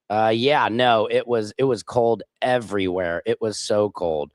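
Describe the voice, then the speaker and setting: A man's voice: medium pitch, animated, measured pace, hardly any pauses, a little mellow, dry recording. A man hosting a casual livestream, rambling chattily and reading viewer comments aloud. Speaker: livestream show host.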